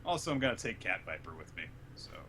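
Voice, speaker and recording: A man casually recapping a manga chapter, retelling scenes and acting out the characters' lines in an animated way. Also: deep voice, fast talker, a little hiss or hum. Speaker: podcast co-host.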